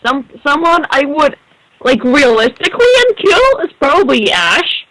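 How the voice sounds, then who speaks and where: A woman co-hosting an online radio show, chatting casually and excitedly, often restarting her words. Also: high-pitched, normal speed, slight background noise, rough recording. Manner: enthusiastic, stumbling restarts. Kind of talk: casual podcast chat.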